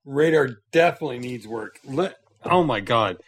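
A man's voice: mid-range voice, lively intonation, normal speed, slightly rough. A man co-hosting a podcast in casual banter, sounding exasperated and self-mocking, with sighs and laughs. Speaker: podcast co-host.

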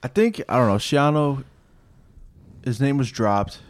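A laid-back man chatting about football on a show. His voice is smooth and resonant and sounds close and dry, with no room around it. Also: medium pitch, measured pace, dry recording. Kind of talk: casual sports talk.

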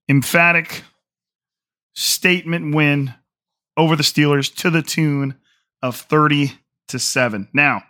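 A man hosting a sports podcast with a hoarse, strained voice, talking casually and rambling with frequent restarts. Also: a little high, pushed and bright, no room sound, studio quality. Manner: rambling, many restarts and fillers. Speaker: podcast host. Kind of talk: casual solo podcast talk.

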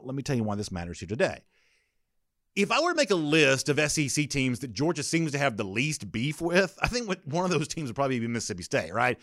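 A man hosting a college sports show talks straight into a close mic in a dry, dead room. His delivery is casual and opinionated, with plenty of "uh" and "you know" as he works through his points. The pitch sits at an ordinary middle for a man. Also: fairly bright tone, dry recording. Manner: opinionated, conversational, with frequent fillers. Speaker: sports podcast host.

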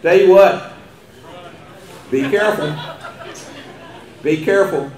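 A man's voice: on the high side, slow pace, a little mellow. Older Texan man, folksy after-dinner storyteller who chuckles often, recorded in a roomy banquet hall. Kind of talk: humorous banquet speech.

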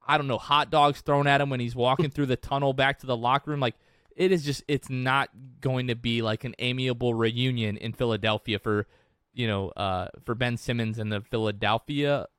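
A sports podcast co-host talks casually and rambles, restarting his sentences often. His smooth, slightly bright voice is mid-range with fairly even intonation and a moderate pace, recorded close to the mic with a dry, echo-free sound.

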